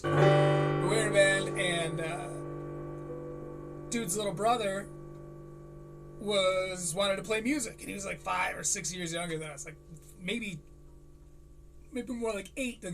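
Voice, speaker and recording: A man in his thirties giving rambling, profane comedic commentary on a live stream. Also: high voice. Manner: rambling, profane, animated impressions.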